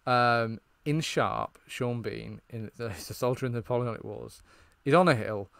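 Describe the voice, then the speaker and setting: A man talks casually about a film, rambling and enthusiastic. His voice sits at a middle pitch. The sound is dry and close, with no room around it. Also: big pitch swings, moderate pace, gravelly, fairly bright tone, dry recording. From Britain. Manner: rambling, enthusiastic, lots of fillers and restarts. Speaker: podcast co-host.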